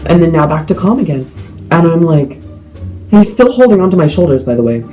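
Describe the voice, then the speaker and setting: A teenage boy telling a story to the camera in a rambling way, full of "like" and quick asides. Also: a little high, soft background music, rough recording. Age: teens. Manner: rambling with many likes, animated retelling. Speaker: vlogger.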